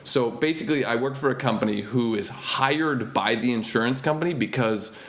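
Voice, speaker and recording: A young man, a comedian, telling stories in casual podcast chat and acting out the voices of the people he met. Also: moderate pace. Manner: animated storyteller, acts out quoted voices in a higher pitch. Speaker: comedian guest. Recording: roomy echo.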